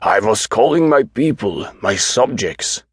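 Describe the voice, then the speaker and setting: A man voicing a delusional older man who calls himself a king, speaking in slow, emphatic, agitated pronouncements. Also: fairly low pitch, sing-song, husky, no echo, studio quality, pitched above the performer's own voice, full character voice. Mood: fearful.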